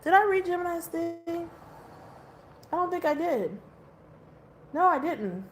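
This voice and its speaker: A woman's voice: very high voice, sing-song, a little slow, slight background noise. A woman giving a casual tarot reading who rambles, swears casually and laughs often. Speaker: tarot reader.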